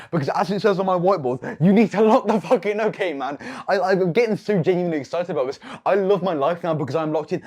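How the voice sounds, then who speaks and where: A man's voice: a little high, darkish tone. A teenage young man self-filming a motivational vlog, profane and boastful, tagging nearly every phrase with "okay". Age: late teens. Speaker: YouTube creator. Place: own room with whiteboard, self-filmed.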